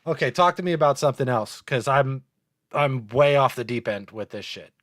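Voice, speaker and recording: A man's voice: mid-range voice, lively intonation, normal speed, fairly bright tone, dry recording, clean studio sound. A man hosting a live podcast, chatting casually, laughing often and swearing a lot. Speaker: podcast host.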